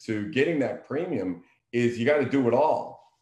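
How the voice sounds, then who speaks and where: A man's voice: medium pitch, animated, moderate pace, a little mellow, echoey room. A man, hosting a casual real estate talk in an emphatic, coaching way. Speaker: real estate agent, show host. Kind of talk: casual business chat.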